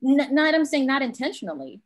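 A woman's voice: sits high, big pitch swings, brisk. Woman panelist, candid storyteller, quotes people as she goes; round table discussion.

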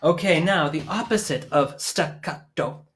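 Guy doing a kids music class from home, slow and easy talk, keeps bursting into a goofy song, mic on a stand. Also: a little high, a bit bright. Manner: playful, sings a silly song between explanations. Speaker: children's music teacher. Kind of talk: live-streamed kids' music lesson with singing. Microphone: microphone on a stand.

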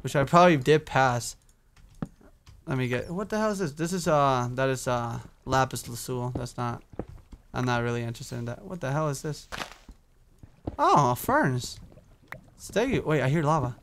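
In his mid-range, slightly bright voice, a young man talks expressively at a moderate pace while playing Minecraft for his YouTube let's play. He chats to himself, hums and swears, and a faint hiss or hum sits in the background.

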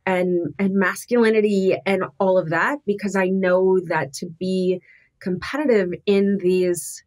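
A woman's voice: medium pitch, steady tone, darkish tone. A middle-aged woman, a podcast guest, talking candidly and thoughtfully with frequent restarts. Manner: earnest, thoughtful, halting with restarts.

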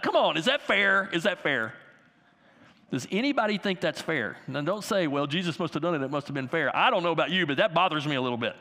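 A man preaching a sermon as pastor, animated and talking to the children in his congregation with everyday examples. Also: high voice, brisk. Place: church sanctuary. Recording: long hall reverb.

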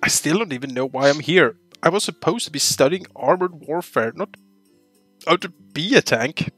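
A man reading a dating game aloud with a friend, halting and laughing often. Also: fairly high pitch, lively intonation, fairly bright tone, breathy edge, no echo, soft background music. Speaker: let's player. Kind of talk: casual let's play commentary.

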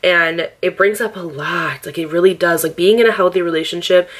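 Chatty young woman, lower voice. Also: fairly quick. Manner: chatty and candid, heavy with "like", swears freely; upbeat and affectionate, laughs often. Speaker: lifestyle vlogger. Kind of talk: casual get-ready-with-me chat.

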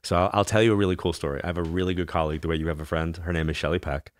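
A man with a very low, deep voice, chatting as a guest in a casual interview. He tells stories with energy and slips into the voices of the people he quotes. The recording is dry and close. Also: racing, no echo. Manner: animated storyteller who acts out quoted voices. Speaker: psychic medium guest.

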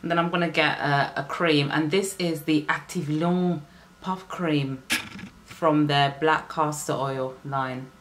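A young woman with a low, full voice talks her viewers through her hair routine at home. She chats freely and breaks into exclamations, picked up on a camera mic with a faint hiss underneath. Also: fairly even intonation, takes it slowly. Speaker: natural hair vlogger. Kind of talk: casual hair care vlog.

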